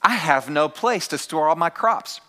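A man's voice: on the high side, animated, moderate pace, bright, forceful tone. A man preaching a sermon to his congregation, calling out key phrases and having the room repeat them. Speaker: pastor.

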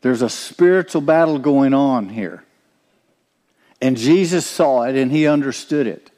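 A man's voice: mid-range voice, unhurried, mellow, big-room sound. Man, preacher, sermon, earnest, questioning listeners. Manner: earnest, asks the congregation questions.

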